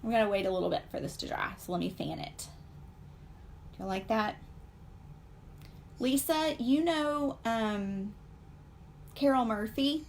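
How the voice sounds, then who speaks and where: A woman in her forties chats through a live painting stream, wandering from one aside to the next. Her mid-pitched voice has a gravelly, creaky edge. A faint hiss sits under the recording. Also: expressive, measured pace, pauses often. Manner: chatty, rambling, full of fillers and asides to viewers. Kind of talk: casual live-stream chat while painting.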